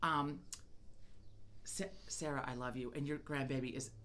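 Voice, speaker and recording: A woman's voice: rumbling low, moderate pace. An American woman co-hosting a podcast, telling stories in casual, profane chat. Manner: chatty, swears freely, animated storytelling. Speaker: podcast co-host.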